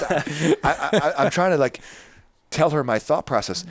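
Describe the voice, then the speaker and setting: A middle-aged man with a loud voice, telling stories on a podcast in an animated, emphatic way with many restarts. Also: fairly high pitch, normal speed, no echo. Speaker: podcast host. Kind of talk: casual podcast chat.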